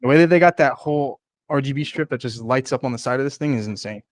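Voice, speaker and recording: Fast-talking joking male co-host. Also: medium pitch, dry recording, studio quality. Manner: energetic, joking, says "dude". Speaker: PC company co-host. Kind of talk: casual livestream chat.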